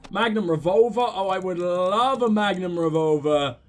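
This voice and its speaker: A man's voice: high-pitched, normal speed. A man hosting a let's play, joking wryly through his gameplay commentary. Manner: wry, joking, with laughs and restarts.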